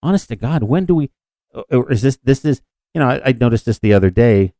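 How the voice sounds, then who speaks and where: A man's voice: mid-range voice, lively intonation, a little fast, mellow, no echo. A man co-hosting a podcast in casual chat, rambling and self-deprecating with frequent restarts. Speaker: podcast co-host.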